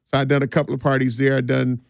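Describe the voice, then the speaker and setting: A middle-aged man who works as a DJ tells stories in a relaxed, rambling way during a casual interview, with frequent restarts and laughs. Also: mid-range voice, fast, creaky, no room sound, studio quality. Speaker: DJ and community party organizer.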